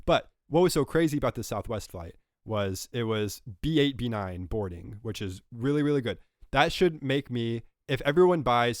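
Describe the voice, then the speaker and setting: A man's voice: mid-range voice, dry recording, studio quality. A young man co-hosting a podcast, telling rambling stories in casual chat while recovering from a cold. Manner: rambling, self-correcting storyteller. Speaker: podcast co-host.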